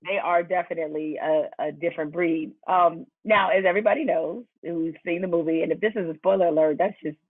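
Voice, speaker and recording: A woman's voice: fairly low pitch, fairly even intonation, brisk, few pauses, breathy edge, dry recording. A woman hosting an interview, playful and teasing, laughing easily as she asks questions. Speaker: show host. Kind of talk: conversational interviewing. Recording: dry, tinny phone-like line.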